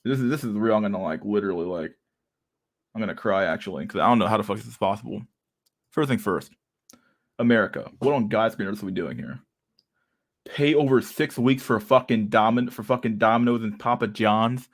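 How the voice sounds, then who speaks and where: A man's voice: on the low side, brisk. A man hosting a livestream, chatting casually with viewers in a rambling, profane way, laughing often with mock outrage. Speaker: livestream host. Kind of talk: casual chat with live viewers.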